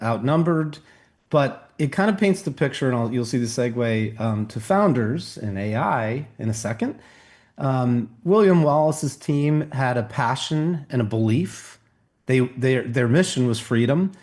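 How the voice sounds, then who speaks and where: A man, a founder and coach guest on a radio show, explaining his point in an earnest, measured way. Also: mid-range voice, a little mellow. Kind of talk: interview talk.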